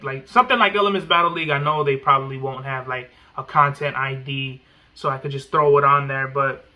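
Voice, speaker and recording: A man's voice: fairly high pitch, sharp tone. A man hosting a podcast in rambling, profane casual chat full of slang. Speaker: podcast host.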